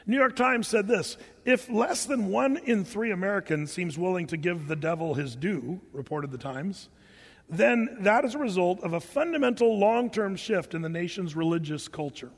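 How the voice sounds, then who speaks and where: A man's voice: sits high, lively intonation, normal speed, breathy edge, big-room sound. An older man preaching a sermon, telling stories with humor and sound effects. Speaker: pastor.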